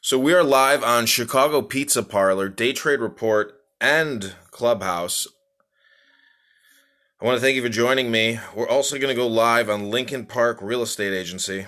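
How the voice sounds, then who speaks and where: A man's voice: medium pitch, normal speed, a bit bright. A man hosting a live stream in casual chat, rambling with many fillers and dry jokes.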